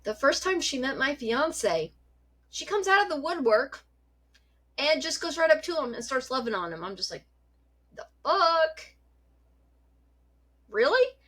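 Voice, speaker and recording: Woman vlogger, casual storyteller, higher-pitched, animated and foul-mouthed. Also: moderate pace. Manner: chatty, animated, swears freely.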